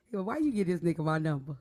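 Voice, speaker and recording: Woman host, casual and profane, nervous laughs, very lively pitch. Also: a little fast. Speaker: podcast host. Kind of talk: casual chat.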